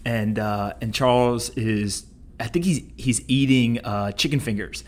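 Relaxed male podcast host. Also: mid-range voice, a little slow. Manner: relaxed, explains things at length with "uh" and "you know". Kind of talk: casual interview.

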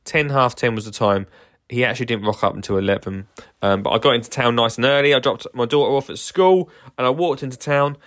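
Man, podcast host, chatty ramble, eager, full of ums and restarts, medium-pitched voice. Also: quick pace, a bit bright. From England. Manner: rambling and enthusiastic, many fillers and restarts. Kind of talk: casual solo podcast monologue.

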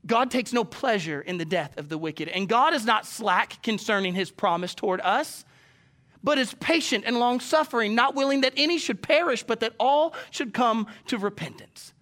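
A man preaching a sermon as pastor, firing rhetorical questions and swinging between emphatic raised lines and soft hushed ones. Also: very high-pitched, expressive, moderate pace. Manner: asks the congregation many rhetorical questions.

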